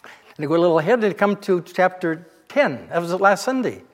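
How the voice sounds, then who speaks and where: A man's voice: sits high, lively intonation, a little fast, long reverb tail. A male pastor giving a sermon, retelling scripture as a casual, conversational story.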